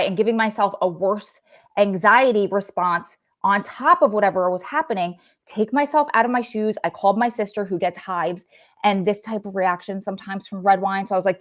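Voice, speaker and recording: A young woman hosting a casual livestream chat, chatty and rambling, sometimes losing her train of thought. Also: mid-range voice. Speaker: livestream host.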